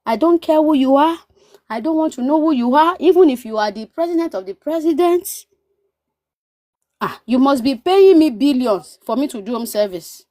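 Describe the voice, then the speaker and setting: A Nigerian-born woman tells stories in a lively, animated way, often repeating words for emphasis and acting out what others said. Her voice sits a little high, and the recording is dry and close, with no room echo. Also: moderate pace. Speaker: guest. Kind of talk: casual storytelling chat.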